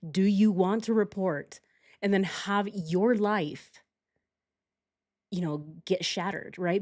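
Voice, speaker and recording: Candid woman streamer telling stories. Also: medium pitch. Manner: candid, animated retelling with quoted shouts. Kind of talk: casual storytelling chat.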